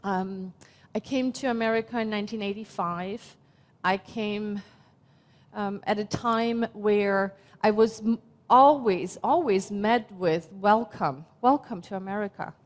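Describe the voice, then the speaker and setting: A woman in her fifties from Germany, speaking with a German accent as she gives a slow, reflective, heartfelt sermon as minister. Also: medium pitch. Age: 50s. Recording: long hall reverb.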